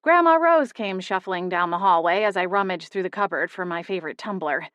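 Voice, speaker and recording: A woman's voice: on the low side, a little fast, clean tone, no room sound, muffled recording. Young woman narrating an audiobook close-up. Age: young adult. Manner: steady, intimate storytelling. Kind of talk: first-person scripted narration.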